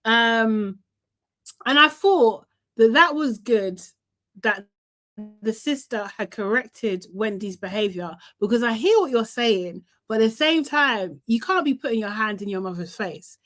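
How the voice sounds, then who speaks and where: Young woman hosting a casual recap, animated and quick to laugh, pitched a little high. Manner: chatty and animated, laughs often, acts out quoted lines. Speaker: reality TV recap host. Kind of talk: casual live recap chat.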